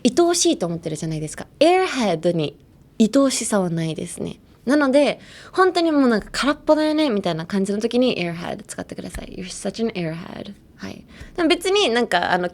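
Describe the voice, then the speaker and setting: A woman hosting a bilingual lesson, explaining English slang and drilling phrases slowly, switching between English and Japanese. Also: a little high, darkish tone. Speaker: English teacher and host.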